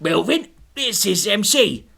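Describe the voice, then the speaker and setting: A man's voice: high-pitched, very animated, measured pace, gravelly, slightly rough, pitched above the performer's own voice, exaggerated voice. A man voicing a brash, eager-to-help male pub landlord with a London accent, friendly and slangy. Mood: chummy. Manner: chummy, loud, slangy.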